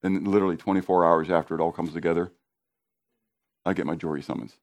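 A middle-aged pastor with a deep voice preaches a sermon fast, with long pauses. He's animated and emphatic, swinging between quiet asides and near-shouts, repeating himself and putting call-and-response questions to the congregation.

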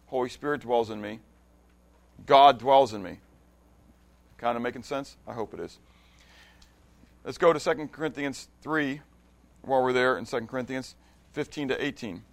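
A man's voice: medium pitch, moderate pace, long pauses. A man leading an interactive Bible class. He reads scripture aloud with emphasis, often restarts or repeats words, and keeps checking that his listeners follow. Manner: conversational, stops often to check understanding. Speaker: Bible study teacher.

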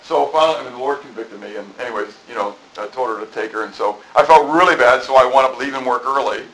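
A man's voice: mid-range voice, quick pace, a bit bright, rough recording. A middle-aged man preaching a sermon in a conversational, rambling way, full of asides. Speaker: pastor. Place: church.

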